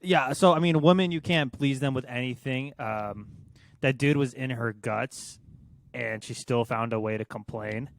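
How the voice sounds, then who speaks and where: A man's voice: medium pitch, normal speed, vocal fry, no room sound. A young man co-hosting a casual podcast, offering crude, opinionated banter. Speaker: podcast co-host. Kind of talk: casual chat.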